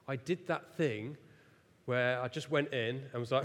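Speaking at a normal speed with medium pitch, a thirty-something preacher tells a story against himself in a church hall. He's lively and self-deprecating, often laughing at his own failings, while echoey hall reverb fills the recording.

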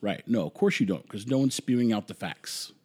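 A man's voice: fairly low pitch, brisk, darkish tone, husky. A man hosting a talk show with an opinionated monologue, speaking emphatically, rambling and repeating words for effect. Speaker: commentary host.

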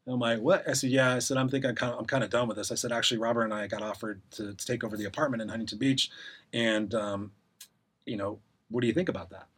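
Middle-aged male guest, husky and quick, rambling anecdotes with acted-out quotes. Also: medium pitch, fairly even intonation, a bit bright. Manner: rambling, acts out quoted voices. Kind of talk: casual storytelling interview.

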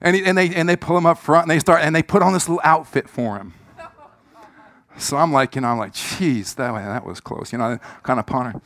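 A middle-aged pastor delivers a fast-paced church sermon built around a personal story. He swings from shouting to hushed asides, and his throat has a slight squeak.

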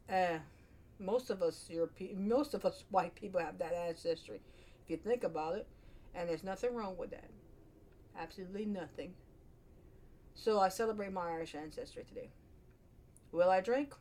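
A woman's voice: fairly low pitch, darkish tone. A woman vlogger talking to camera in a casual, rambling monologue. She is chatty and self-deprecating, and often trails off and restarts her sentences.

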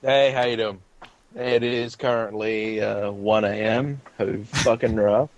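A man's voice: lowish voice, steady tone, slow pace, dull audio, a little hiss or hum. A man with an Australian accent co-hosting a podcast in casual chat, crude and wisecracking, swearing freely. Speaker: podcast co-host.

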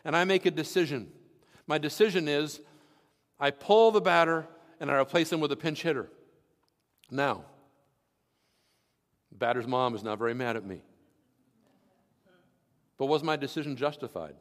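A man's voice: fairly high pitch, normal speed, long pauses, in a large hall. A man preaching as pastor, reading scripture and explaining it with everyday examples in an earnest teaching tone. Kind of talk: sermon.

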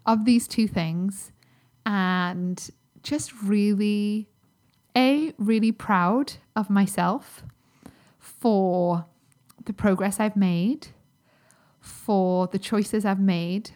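A woman's voice: medium pitch, very slow, a little mellow. A chatty woman talks through her solo health podcast. She sounds upbeat and casual, with plenty of ums and likes. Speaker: podcast host and health coach.

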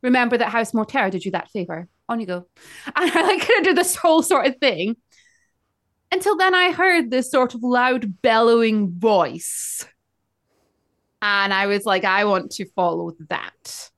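A woman co-hosting a podcast, telling a story in an animated, casual way and acting out the people she quotes. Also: a little high, measured pace. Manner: animated, acts out quoted characters. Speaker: podcast co-host.

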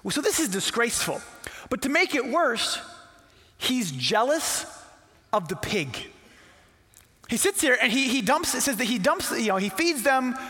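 A man's voice: very high-pitched, very animated, moderate pace, pauses often, bright, forceful tone. A man, a pastor, telling a Bible story in a casual, playful sermon that acts out the characters. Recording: long hall reverb.

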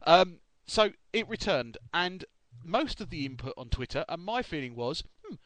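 A man's voice: fairly high pitch, big pitch swings, moderate pace, a bit bright, no room sound, rough recording. A man co-hosting a podcast in casual chat, rambling and correcting himself as he goes. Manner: chatty, rambling, self-correcting. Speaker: podcast co-host.

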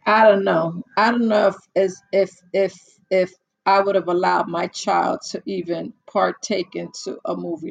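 A woman's voice: mid-range voice, unhurried, vocal fry, rough recording. An older woman hosting a casual monologue, telling stories in a blunt, exasperated way with many restarts.

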